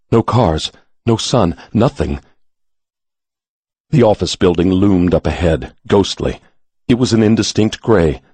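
A man reading a short story aloud in a measured, dramatic storytelling manner. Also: on the low side, darkish tone, slightly rough, no room sound. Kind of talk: audiobook narration.

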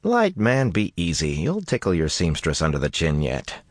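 A man's voice: low-pitched, wildly swooping pitch, moderate pace, no echo, studio quality, full character voice. A man voicing an anxious young nobleman who frets over a wager, in an audiobook. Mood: excited. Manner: fretful, complaining.

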